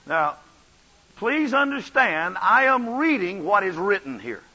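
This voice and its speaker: A man preaching a revival sermon, swinging from soft asides to shouted runs. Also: sits high, very animated, measured pace, breathy edge, muffled recording. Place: church.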